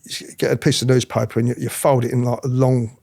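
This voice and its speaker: A middle-aged man telling his story in an interview, animated, acting out other people's voices, often restarting his sentences. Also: mid-range voice, a little fast, creaky. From England. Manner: animated, acts out quoted voices, frequent restarts. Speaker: interviewee, former police officer.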